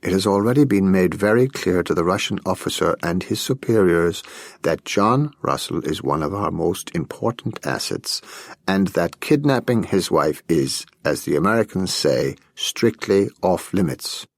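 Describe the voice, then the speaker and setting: A man reading an audiobook voices a weary, melancholy Soviet intelligence officer who speaks in a calm, measured, wry way. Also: sits low, creaky, no room sound, studio quality, heavily acted.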